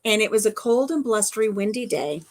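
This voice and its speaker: A woman co-hosting a casual home livestream, chatting and telling stories with lively acted-out quotes. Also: medium pitch, a little fast. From Arkansas. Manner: chatty, animated, acts out quotes. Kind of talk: casual storytelling chat.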